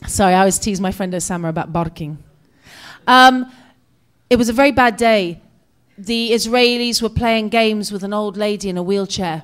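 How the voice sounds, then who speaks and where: A woman in her forties from Britain with a British accent, giving an expressive personal storytelling talk as a guest speaker. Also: medium pitch, normal speed, clear, resonant tone. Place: community center hall.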